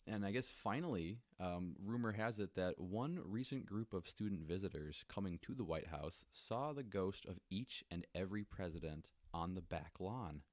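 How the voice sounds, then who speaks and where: Young male podcast co-host, very low voice, dry close sound, casual joking storyteller. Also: normal speed, few pauses, no echo. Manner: relaxed, jokey, many fillers.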